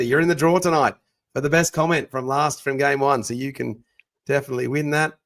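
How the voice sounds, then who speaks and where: A man's voice: steady tone, fairly quick. Chatty man hosting a watch-along. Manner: chatty, reads out viewer comments; loud booming voice. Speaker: podcast host. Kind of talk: casual watch-along chat.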